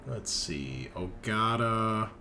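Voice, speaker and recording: A man's voice: fairly low pitch, expressive, extremely slow, sharp tone, soft background music. A man running a tabletop role-playing game as game master, explaining rules patiently and narrating the action.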